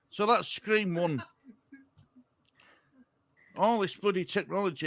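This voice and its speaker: Bloke on a stream, high bright voice, dry close mic, keeps fumbling the screen share. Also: male voice, animated, slow pace, pauses often, no room sound. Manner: flustered by tech, chatty with viewers. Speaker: stream co-host. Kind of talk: casual live-stream chat.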